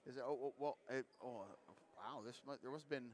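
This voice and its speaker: A man giving live play-by-play commentary on a college basketball game, getting louder and more excited on big plays. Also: mid-range voice, a little fast.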